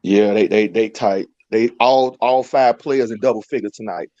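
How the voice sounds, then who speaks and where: Man, mid pitch, blunt teasing co-host, dry close recording. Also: normal speed, mellow, no echo, lo-fi sound. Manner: blunt, teasing, short punchy remarks. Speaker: sports podcast co-host. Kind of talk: casual sports debate.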